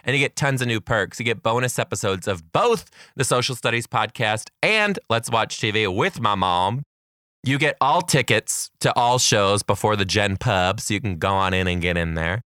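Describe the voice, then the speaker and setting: A man hosting a comedy podcast, telling a funny classroom story and reading out supporter shout-outs in an animated, jokey way. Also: lowish voice, smooth, no room sound, studio quality. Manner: animated, jokey, with voiced quotes of kids. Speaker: podcast host.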